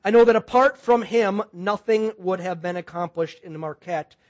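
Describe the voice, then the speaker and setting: Guy from wisconsin preaching, pretty high voice, tells stories animated. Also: moderate pace, lo-fi sound. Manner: animated storytelling, voices quoted people. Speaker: pastor. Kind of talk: sermon.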